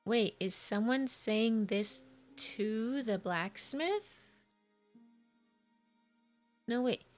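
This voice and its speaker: This woman's voice is on the high side, and she draws her words out. She's a let's play gamer casually commenting as she plays, chatting, thinking aloud, and making confused asides about the menus while faint game music runs.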